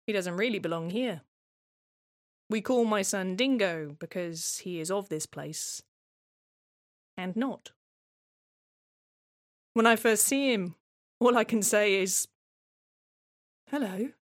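A woman speaks her own scripted monologue in a wry, reflective, conversational manner. She takes her time over each line, in a mid-pitched voice. The sound is close and dry. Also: no room sound. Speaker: writer-performer of a monologue. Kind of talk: scripted first-person monologue.

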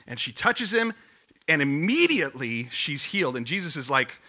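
Bright-voiced man preaching a sermon. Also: fairly high pitch, sing-song, moderate pace. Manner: casual storytelling, acts out voices in quotes. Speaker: pastor.

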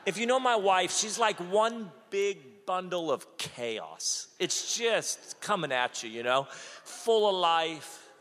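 A man in his forties preaching a sermon, telling stories with lively acted-out quotes. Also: high voice, slow pace, in a large hall. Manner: animated storytelling, acts out quotes. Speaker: pastor.

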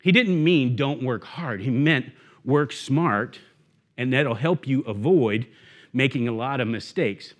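Speaking slowly in a mid-range, bald-sounding voice, a man who directs a church network preaches as a guest speaker. He begins with an animated story full of acted-out voices and shouts, then moves into his message.

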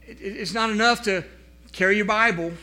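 A man preaching a sermon as pastor, swinging from loud emphatic rises to quiet low passages. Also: fairly quick.

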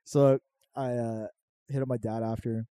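Young man, casual storytelling, mellow voice, dry close sound, lots of swearing and laughs. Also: mid-range voice, unhurried, clean tone, dry recording. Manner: animated, profane, laughing storyteller.

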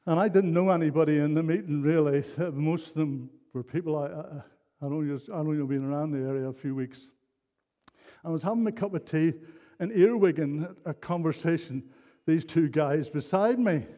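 A man's voice: on the high side, normal speed, dark tone. Older man preaching in a hall. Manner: earnest, rambling storyteller with frequent restarts. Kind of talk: sermon with personal anecdotes. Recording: long hall reverb.

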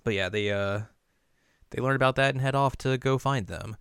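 A man's voice: mid-range voice, moderate pace, fairly bright tone, smooth, no echo, studio quality. A young man co-hosting a podcast, recapping an anime episode in a laid-back, rambling way with frequent laughs. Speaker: podcast co-host. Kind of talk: casual episode recap chat.

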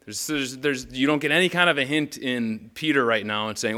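Bright-toned pastor, casual then urgent. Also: male voice, mid-range voice, a little fast. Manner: conversational, with urgent emphatic bursts when reading Scripture. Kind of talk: casual devotional teaching.

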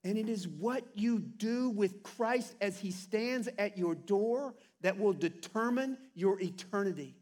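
A pastor preaching a sermon to his church with earnest, animated delivery and playful asides. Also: high-pitched, unhurried, hardly any pauses. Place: church sanctuary.

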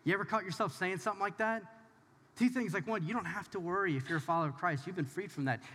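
Male pastor, higher-pitched voice, informal and emphatic sermon, long hall reverb. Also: fast talker, pushed and bright, slight background noise. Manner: talks straight to the audience, informal and emphatic. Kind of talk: conversational sermon.

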